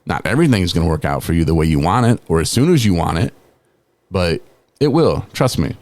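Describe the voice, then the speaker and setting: Very animated and brisk, a man in his forties with a low-pitched, darkish voice tells a personal story on his podcast, with no echo in the audio. His style is casual, full of laughter and fillers such as "man" and "you know."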